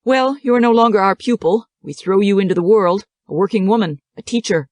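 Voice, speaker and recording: A woman reading the part of a kindly older male school director who counsels and teases gently. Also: fairly low pitch, lively intonation, normal speed, no echo, lightly acted. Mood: gentle. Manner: gentle, counseling, lightly teasing.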